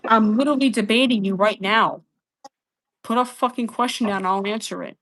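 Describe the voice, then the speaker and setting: A woman's voice: fairly high pitch, moderate pace, a bit bright. A woman arguing with a live chat, combative and exasperated, swearing often and repeating her phrases. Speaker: livestream debater. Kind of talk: heated livestream argument with chat.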